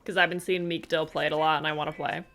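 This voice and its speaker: A woman's voice: low voice, little pitch movement, fast, fairly bright tone. A young adult woman streaming, chatting casually with her chat and laughing often between remarks.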